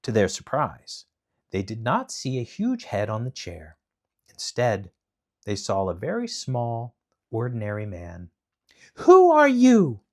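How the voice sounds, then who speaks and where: Animated man reading a bedtime story. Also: on the low side, a little slow. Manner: animated, dramatic voice changes.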